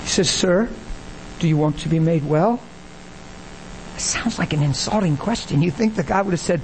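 A man preaching a sermon, telling stories and acting out the dialogue with animated energy. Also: moderate pace, pauses often, husky, rough recording. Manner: animated, acts out dialogue, rises in pitch when excited. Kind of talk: sermon with storytelling.

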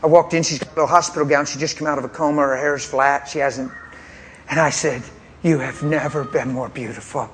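Slight background noise accompanies a man's mid-range, a little fast voice with fairly even intonation. He's giving a sermon testimony, straight-talking and pointed, telling his story with animation and laughing often.

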